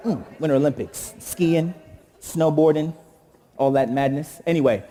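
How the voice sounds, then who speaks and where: A young man from Jamaica hosting a live comedy show, delivering a stand-up monologue with animated, exaggerated storytelling and bursts of mock outrage. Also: a little high, moderate pace, long reverb tail. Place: live studio stage with audience.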